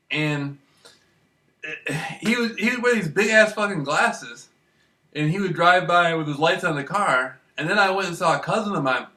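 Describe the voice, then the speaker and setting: A vlogger with a high, bright voice spins rambling, profane stories in a loose, casual monologue, laughing often. He sits well back from the mic in an echoey room, so the mic sounds distant.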